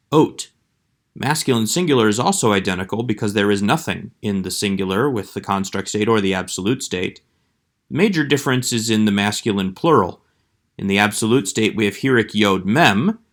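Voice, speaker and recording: Man, somewhat low voice, Hebrew instructor, measured scripted lecture, careful pronunciation of terms. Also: fairly bright tone. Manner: measured, slows to sound out Hebrew words.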